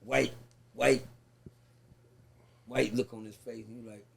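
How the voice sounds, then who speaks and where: A man, telling a story in a sit-down interview. He talks in an animated, profane way and acts out the people he quotes. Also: medium pitch, slow, vocal fry, a loud crowd. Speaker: guest.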